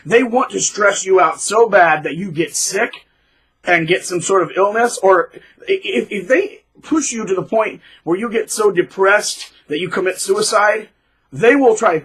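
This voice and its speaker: A man's voice: high-pitched, measured pace, a bit bright, breathy edge, poor audio. A man hosting his own channel, delivering a rambling, sarcastic monologue. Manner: rambling, sarcastic, with many fillers and restarts. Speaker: channel host. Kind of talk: ranting monologue commentary.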